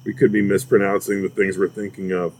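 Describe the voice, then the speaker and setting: A man's voice: sits low, little pitch movement, a little fast, a little mellow, slight background noise. A man co-hosting a podcast in casual chat, trading dry, wry banter. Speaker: podcast co-host.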